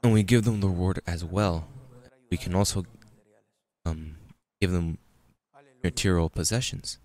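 A man's voice: deep voice, unhurried, a little mellow. A man preaching a sermon in a conversational way, reading scripture and telling everyday stories. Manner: conversational preaching, restarts, reads scripture aloud. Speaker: pastor.

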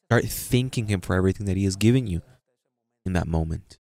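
Low-voiced man preaching a sermon. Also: fairly quick, warm tone. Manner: acts out voices of churchgoers and God in quotes.

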